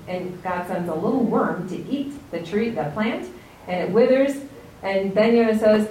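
A woman's voice: on the low side, normal speed, dark tone, a little hiss or hum. An American woman teaching a religious text lesson to a group in a conversational way, often asking "right?". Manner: conversational, keeps checking in with "right?". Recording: roomy, distant mic, faint ambience.

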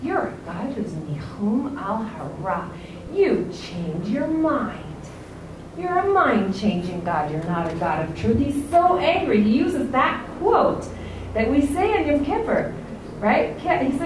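An American woman with a fairly high, sing-song voice leads a conversational lesson on a religious text for a group, speaking at a measured pace and often checking in with "right?". The recording sounds roomy, with a distant mic, faint ambience and a noisy background.

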